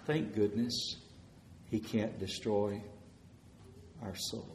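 A man preaching a sermon, telling stories of answered prayer and swelling louder as he retells people's words. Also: on the low side, steady tone, takes it slowly, echoey room, a little hiss or hum.

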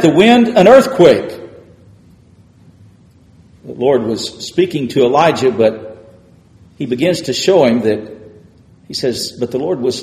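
A man's voice: medium pitch, darkish tone. A man preaching a sermon in a church with an emphatic, repetitive cadence. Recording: echoey hall with long reverb.

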